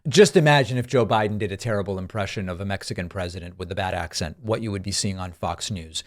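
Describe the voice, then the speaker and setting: A man's voice: deep voice, quick pace. A man hosting a political news commentary show, delivering dry, sarcastic remarks. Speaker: host.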